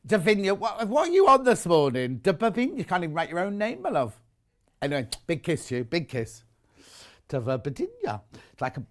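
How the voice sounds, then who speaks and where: A man's voice: sits high, fairly bright tone. A man with a British accent presenting on a live craft shopping show, chatting and teasing as he reads out viewer messages. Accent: British English. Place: TV studio.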